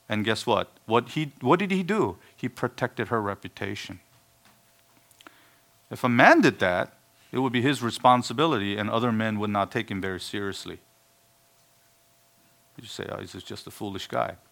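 A man preaching a sermon, stressing words loudly and then dropping to quiet asides. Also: fairly low pitch, expressive, normal speed, long pauses. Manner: emphatic, swings between hushed asides and loud stressed words.

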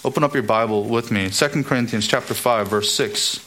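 A man's voice: mid-range voice, brisk, a bit bright, slight background noise. Man preaching an emphatic sermon. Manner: emphatic preaching with rising exclamations. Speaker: pastor.

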